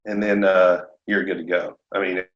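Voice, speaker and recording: A man talking shop as a podcast guest, animated and laughing often as he acts out conversations. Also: low-pitched, moderate pace. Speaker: podcast guest, roofing contractor. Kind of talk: casual podcast chat. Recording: echoey room, dull lo-fi sound.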